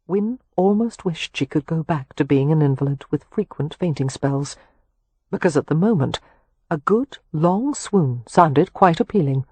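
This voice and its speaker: Husky woman narrating an audiobook. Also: low voice, lively intonation, a little slow, darkish tone, no room sound. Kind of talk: scripted narration.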